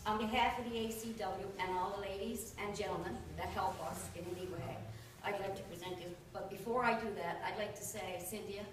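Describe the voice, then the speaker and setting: A woman giving a heartfelt thank-you speech for a church women's group, warm and joking with laughs between lines. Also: medium pitch, fairly even intonation, brisk. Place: large echoey church hall. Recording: echoey hall, distant mic, background noise.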